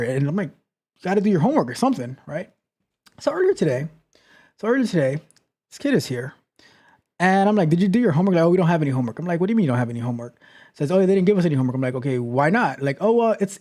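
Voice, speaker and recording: A man hosting a live tech Q&A stream, telling stories in a casual, animated way and often repeating his phrases. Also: a little high. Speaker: host. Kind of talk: casual livestream talk.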